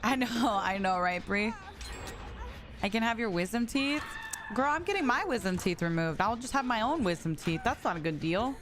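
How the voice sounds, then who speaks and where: A woman's voice: on the high side, animated, moderate pace, noisy background. A young woman streaming a game, chatting casually and reading messages from her chat with frequent giggles.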